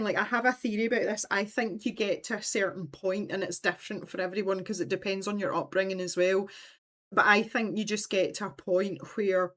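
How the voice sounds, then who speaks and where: A woman with a Scottish accent hosting a casual livestream from home, talking in a rambling, chatty way and laughing often. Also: mid-range voice. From Scotland. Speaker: livestream host.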